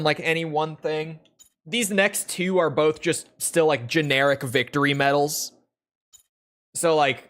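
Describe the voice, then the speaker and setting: A young man chatting casually to his live chat while playing a game, rambling with lots of "like" fillers and the odd swear word. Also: on the high side. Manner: relaxed, rambling, frequent "like" fillers, occasional swearing. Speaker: gaming streamer.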